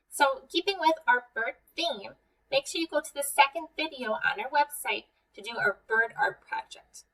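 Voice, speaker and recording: A friendly young American woman leads a children's art lesson, talking clearly and asking her viewers questions. Her voice sits fairly high and is picked up from a little way off the mic. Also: fairly bright tone, distant mic, low-quality recording. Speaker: museum educator.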